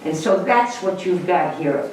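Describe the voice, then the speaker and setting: An older woman giving a piano masterclass, coaching a student and telling lively stories. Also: fairly low pitch, measured pace. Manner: animated storyteller, coaching directly. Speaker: piano teacher. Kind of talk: masterclass teaching. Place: large hall with piano. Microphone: distant room mic. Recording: echoey hall from far off. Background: piano playing.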